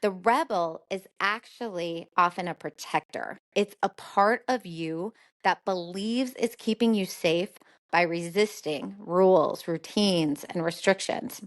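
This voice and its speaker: A woman's voice: lowish voice, a little slow. A middle-aged woman hosting a solo podcast as a therapist, talking conversationally and explaining ideas through everyday examples.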